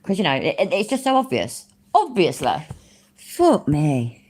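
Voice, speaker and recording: A woman's voice: low voice, wildly swooping pitch, unhurried, darkish tone, slightly rough. A woman giving rambling, sarcastic live-stream commentary on a video and swearing freely.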